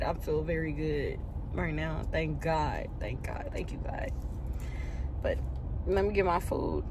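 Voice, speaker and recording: A woman's voice: medium pitch, fairly bright tone, a little hiss or hum. Chatty young Texas woman vlogging. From Houston, Texas. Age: 20s. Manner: chatty, rambling, talks to viewers as y'all. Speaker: nursing student vlogger. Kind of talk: casual vlog chat to camera. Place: in a car and walking around campus. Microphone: phone camera.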